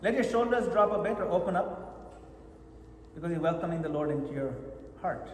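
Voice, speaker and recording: A japa retreat teacher leads a meditation workshop in a retreat hall, coaching his listeners and often checking that they're following along. His voice sits high and expressive at a moderate pace. The echoey hall adds long reverb, with slight background noise.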